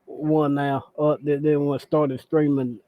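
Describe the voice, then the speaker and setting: A man co-hosting a casual livestream, talking hesitantly and halting often, reading out viewer comments. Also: on the high side, flat delivery, no room sound. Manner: hesitant, halting speech with many fillers. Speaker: co-host reading chat. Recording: tinny dry phone-like line.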